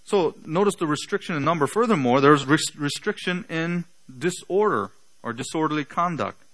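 Bright, forceful preacher with a slight accent. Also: male voice, on the high side, expressive, poor audio. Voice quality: slight non-native accent. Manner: slow, deliberate speaker with emphatic rhetorical questions. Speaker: pastor. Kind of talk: sermon.

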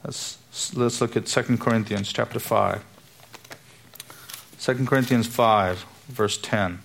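A man's voice: on the low side, measured pace, gravelly, a bit bright. A man preaching a sermon to his church, emphatic and full of rhetorical questions. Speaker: pastor.

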